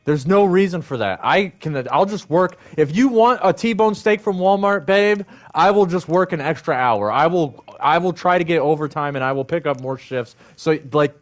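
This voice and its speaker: Guy ranting on his stream, fired up and swearing, kinda high voice. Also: animated, normal speed, few pauses. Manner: heated, profane, repetitive. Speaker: livestream host. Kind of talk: angry ranting monologue.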